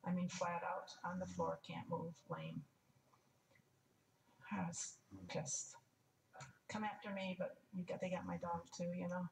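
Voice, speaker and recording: A woman's voice: on the low side, flat delivery, unhurried, creaky, long pauses, a little hiss or hum. An older woman telling a personal story in a frank, wry way, stopping to restart and add asides. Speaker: testimony speaker. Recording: echoey room, mic at a distance, faint ambience.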